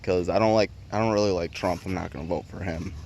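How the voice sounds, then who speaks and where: A man with a lowish voice rants heatedly into his camera, packing nearly every sentence with swearing. He rambles and restarts his thoughts as he goes, with a faint hiss behind him. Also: steady tone, fast, vocal fry, a little mellow. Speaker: vlogger. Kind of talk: profane opinion rant.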